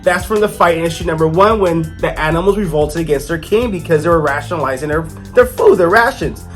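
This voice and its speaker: A man's voice: fairly high pitch, brisk, fairly bright tone, soft background music. A man casually narrating a comic book review, with jokey, rambling asides.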